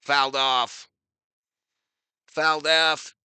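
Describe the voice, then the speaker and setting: A man's voice: fairly high pitch, flat delivery, very slow, sharp tone, smooth, no room sound. A man giving casual, slangy fan play-by-play of a baseball game, laughing often and reading chat comments aloud. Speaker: live-stream baseball commentator.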